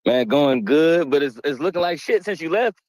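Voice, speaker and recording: A man joining a live chat as a guest, relaxed and friendly, talking in upbeat slang. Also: fairly high pitch, normal speed, dry recording. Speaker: guest tattoo artist. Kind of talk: casual chat.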